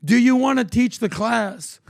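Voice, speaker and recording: High-voiced excitable male podcast storyteller. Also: a little slow, creaky, no room sound, clean studio sound. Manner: energetic, acts out quoted people. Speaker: podcast co-host. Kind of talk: animated storytelling chat.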